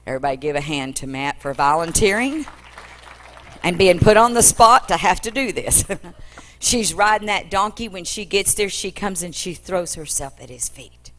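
A woman evangelist preaching a dramatic storytelling sermon in an animated, conversational way. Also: on the low side, moderate pace, slight background noise. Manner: animated, conversational, acts out scenes.

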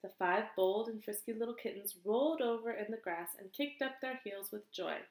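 A woman teacher reading a picture book aloud to children in an expressive, sing-song way. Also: medium pitch, fairly quick. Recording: echoey room.

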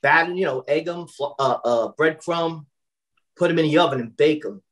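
A man's voice: on the high side, normal speed, a bit bright, low-quality recording. A man from Brooklyn, a personal chef chatting casually on a video call, full of fillers and restarts. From Brooklyn, New York. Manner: chatty, repeats words when starting, many fillers.

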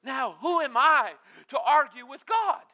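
A man's voice: very high-pitched, expressive, unhurried, highs cut off. A man preaching a sermon, emphatic and earnest, with frequent "uh" fillers between phrases.

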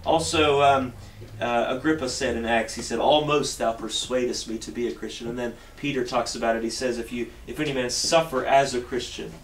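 In a church sanctuary, a pastor preaches earnestly in a medium-pitched, fairly even male voice at a brisk pace, often repeating himself and restarting phrases. The recording has a roomy echo, a distant mic, and faint hiss.

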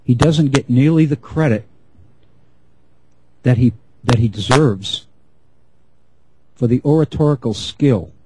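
The clip is an unprepared history talk by a middle-aged man with a medium-pitched voice. He is measured but keeps restarting phrases, and background noise runs underneath.

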